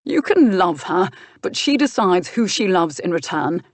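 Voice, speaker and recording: A steady older gentleman speaks firmly and with measured control, sometimes with a dry mocking edge. A woman reads him in a low voice. The recording is close and dry. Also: dry recording. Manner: firm, measured, dryly mocking. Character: older uncle and guardian, firm, steady boxer. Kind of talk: audiobook character voice.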